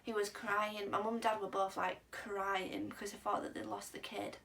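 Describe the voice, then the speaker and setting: A woman's voice: medium pitch, flat delivery, moderate pace, gravelly, fairly bright tone. A young woman telling a personal story in a chatty, rambling vlog style, full of "um" and "like". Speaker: vlogger. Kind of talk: casual storytelling. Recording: slightly distant mic, faint background hiss.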